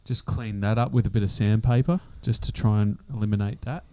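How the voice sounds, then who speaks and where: A man co-hosting a podcast, explaining things in a measured, practical way. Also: on the low side, fairly even intonation, mellow, dry recording. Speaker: podcast co-host. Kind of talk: casual podcast chat.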